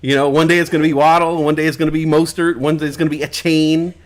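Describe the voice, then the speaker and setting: A man on the high side delivers fast and flat while hosting a live-stream talk show at home, wearing headphones with a desk mic. He rambles casually, cracking jokes and swearing a lot.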